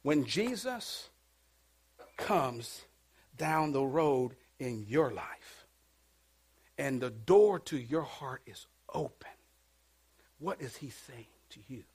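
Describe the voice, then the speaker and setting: A man preaching a sermon in church, dropping to a hush and rising to loud calls, coaxing responses from the congregation. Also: medium pitch, expressive, takes it slowly, long pauses, husky. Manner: swings from hushed to shouting, call-and-response preaching. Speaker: pastor.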